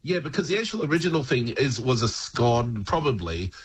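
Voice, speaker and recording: Husky chatty man on radio. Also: mid-range voice, big pitch swings, a little fast. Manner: chatty, laughing, frequent restarts. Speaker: radio guest language expert. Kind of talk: casual radio chat.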